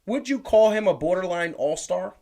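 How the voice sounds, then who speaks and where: Animated, emphatic sports talk host. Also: mid-range voice, normal speed.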